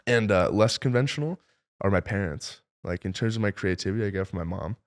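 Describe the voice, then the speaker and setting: A man's voice: lowish voice, fast. A young man, a film director being interviewed, telling stories in a casual, rambling way full of fillers.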